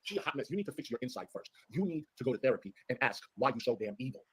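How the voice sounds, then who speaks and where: A man's voice: mid-range voice, big pitch swings, very fast, breathy edge, dry recording. A man in a played-back clip, insulting someone scornfully. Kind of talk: livestream rant.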